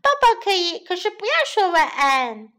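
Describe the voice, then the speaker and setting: A woman's voice: big pitch swings, moderate pace, a bit bright, exaggerated voice. Woman doing a stubborn little boy bunny. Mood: insistent. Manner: high, eager and insistent. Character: small stubborn boy bunny who won't sleep.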